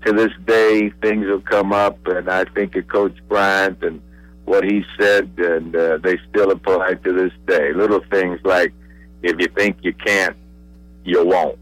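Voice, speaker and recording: An older man from Pennsylvania, a radio guest reminiscing, pausing often with uhs and repeated words. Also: deep voice, level tone, no echo, poor audio. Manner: halting, many uhs and repeated I's. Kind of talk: relaxed reminiscing.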